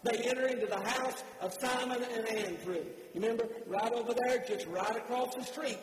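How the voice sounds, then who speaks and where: A man preaching a sermon, swinging from impassioned shouts to soft, hushed emphasis. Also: very high-pitched, a little fast, slight background noise. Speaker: pastor. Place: church sanctuary. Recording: roomy church hall reverb.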